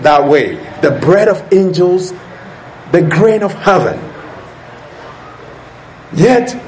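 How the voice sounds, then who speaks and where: Male preacher, high voice, unhurried sermon delivery, echoey room. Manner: deliberate, asks rhetorical questions to the listeners. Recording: echoey room with faint ambient noise.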